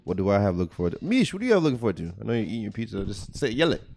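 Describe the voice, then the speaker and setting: A man's voice: fairly low pitch, big pitch swings, racing, creaky, a little mellow. A man in a casual basketball podcast, pressing others with repeated questions. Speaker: podcast panelist.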